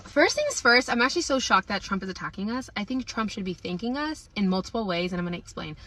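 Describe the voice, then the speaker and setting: A woman's voice: mid-range voice, big pitch swings, quick pace, fairly bright tone. A Somali American woman talking chattily in a casual opinion video, upbeat and using "like" a lot. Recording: voice a bit far from the mic.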